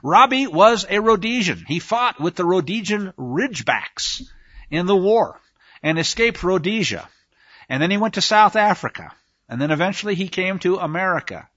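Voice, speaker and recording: Radio host guy rambling on, emphatic, kinda high voice, dry and a bit muffled. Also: expressive, moderate pace, a bit bright, no echo. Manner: rambling, emphatic, many restarts. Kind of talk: talk radio monologue.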